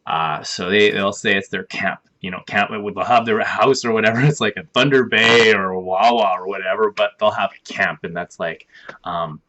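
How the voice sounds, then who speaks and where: Canadian male host, low voice, loose rambling reaction-video talk. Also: moderate pace, pushed and bright, muffled recording. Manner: rambling, filler-heavy explanations. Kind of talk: casual reaction chat.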